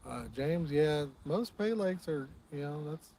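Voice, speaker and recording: A man's voice: a little high, animated, unhurried, warm tone, a little hiss or hum, poor audio. A man hosting a live fishing stream outdoors, chatting casually and talking straight to the viewers in the chat. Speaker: fishing channel host.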